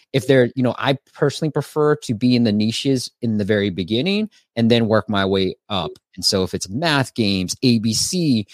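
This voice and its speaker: A man's voice: lowish voice, no echo, clean studio sound. A man hosting a casual live stream, reviewing apps and giving advice in a chatty way with lots of fillers.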